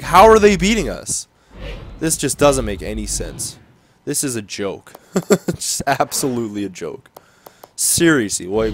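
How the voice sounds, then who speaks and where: Young male gamer, lowish voice, casual commentary, mutters then bursts out in frustration. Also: slight background noise. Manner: exasperated, swinging from mumbling to frustrated outbursts. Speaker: gaming commentator.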